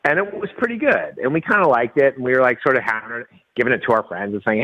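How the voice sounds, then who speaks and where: Middle-aged male guest, chatty anecdote-teller with frequent laughs, ordinary pitch, dull call-in audio. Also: animated, quick pace. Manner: laughs often, acts out quoted dialogue. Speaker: guest, winery and rum company owner. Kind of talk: casual storytelling interview.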